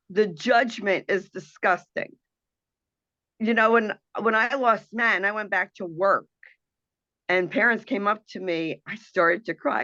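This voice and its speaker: A woman's voice: medium pitch, fairly bright tone, dry recording, muffled recording. A woman hosting an internet radio talk show, speaking in an earnest, emotional and impassioned monologue over a video call.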